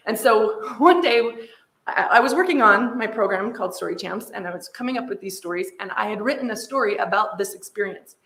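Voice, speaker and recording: American woman, seminar speaker, animated storytelling, echoey hall. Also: medium pitch, fairly quick. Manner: animated storytelling, frequent "right?" checks. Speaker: seminar presenter. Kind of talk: lecture with personal anecdote.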